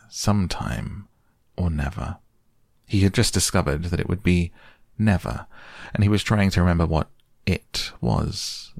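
A man reading a children's story aloud as narrator, calm and measured. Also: sits low, creaky, no room sound, studio quality.

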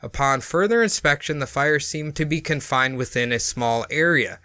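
Bright-voiced man reading notes on a podcast. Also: fairly high pitch, moderate pace, no room sound. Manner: reads from notes, often chuckling mid-sentence. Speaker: podcast co-host presenting the topic. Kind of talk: casual chat mixed with reading notes aloud.

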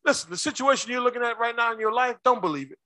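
A male pastor preaching a sermon with call-and-response, swinging between shouts and low asides. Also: very fast, no room sound.

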